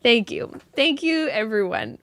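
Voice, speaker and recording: Woman host, live-stream chat, giggly, rambling, slow and unhurried, dry close sound. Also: fairly high pitch, sing-song, a bit bright, no echo. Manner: bubbly and giggly, often laughing at herself; rambling with many restarts. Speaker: host of a live yarn show.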